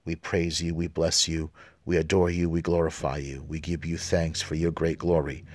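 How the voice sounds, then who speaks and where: Deep-voiced man reading scripture. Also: level tone, moderate pace, no room sound. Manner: informal asides with fillers between readings. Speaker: podcast host reading the Mass readings. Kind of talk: reading scripture aloud, prayerful.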